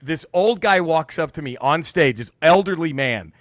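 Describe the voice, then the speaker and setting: High, bright-voiced comedian telling a story. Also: male voice, normal speed, no echo, studio quality. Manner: animated, laughing storyteller who acts out quotes. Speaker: podcast co-host, stand-up comedian. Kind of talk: casual storytelling chat.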